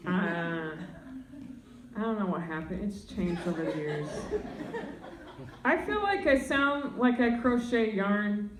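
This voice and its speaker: A young woman doing stand-up comedy, talking in a low, deadpan voice with deep tones. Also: slow pace, long pauses, echoey room, recorded from a distance, noisy background. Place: comedy club stage.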